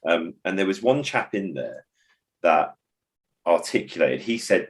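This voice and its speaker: A man's voice: low-pitched, very animated, measured pace, long pauses. A man who works as a behaviour support trainer, talking in a reflective, digressive way on a podcast and acting out phrases as he goes. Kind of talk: podcast conversation.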